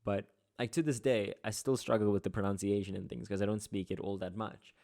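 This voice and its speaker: Young dude going over an exam, kinda low voice, super casual, lots of likes and ums. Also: male voice, brisk, creaky. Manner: relaxed, slangy, chatty with frequent fillers. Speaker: tutor.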